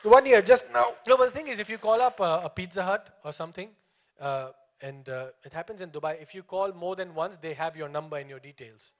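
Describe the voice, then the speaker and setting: High-voiced comic working the crowd. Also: male voice, expressive. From India. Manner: punchy, teasing the crowd, acts out quick character voices. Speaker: stand-up comedian. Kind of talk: stand-up comedy. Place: comedy show stage before a live audience.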